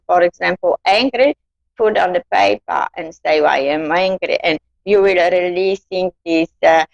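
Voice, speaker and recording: Woman psychic, slow gentle delivery, calls people darling, dull lo-fi dry sound. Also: medium pitch, no room sound. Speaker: psychic card reader. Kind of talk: live-stream psychic reading.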